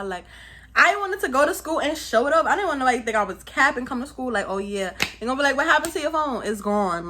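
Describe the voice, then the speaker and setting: A young woman from Brooklyn with a New York accent, telling a story in a lively, slangy, casual vlog style. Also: sits high. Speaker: vlogger.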